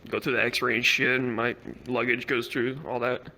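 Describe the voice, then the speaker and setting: A man's voice: medium pitch, moderate pace. A young man telling a rambling, profane story at a virtual reality comedy club. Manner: rambling, heavy swearing, animated.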